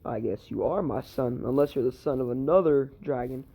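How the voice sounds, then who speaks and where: A man voicing a laid-back male dragon father who talks in casual, offhand slang, in a mellow voice. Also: mid-range voice, moderate pace, vocal fry, slightly rough.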